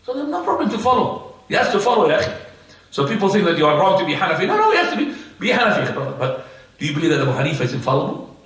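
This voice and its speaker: A man teaching a religious lesson, asking his listeners questions and answering them himself in a lively way. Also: fairly high pitch. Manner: animated, rhetorical questions and quick answers. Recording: echoey room, mic far off.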